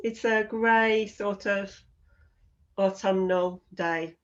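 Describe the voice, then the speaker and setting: A woman with a voice of middling pitch speaks in short, drawn-out replies during a casual chat. Her audio sounds muffled and lo-fi. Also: steady tone. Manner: unhurried, brief replies. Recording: dull lo-fi sound.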